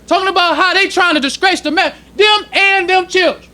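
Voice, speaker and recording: High, bright-voiced male minister preaching. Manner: preaching in casual street-level speech, slowing to read quoted passages. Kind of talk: sermon teaching. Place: temple congregation hall.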